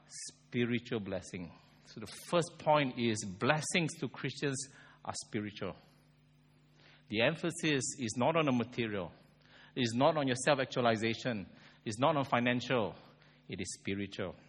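Animated preaching man. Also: fairly high pitch, breathy edge. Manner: animated, conversational preaching with rhetorical questions. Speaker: pastor. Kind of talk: sermon. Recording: long hall reverb.

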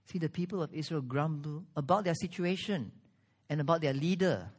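A man's voice: fairly high pitch, animated. Earnest male preacher. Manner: earnest preaching with strong pauses and rising emphasis. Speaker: pastor. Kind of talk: sermon.

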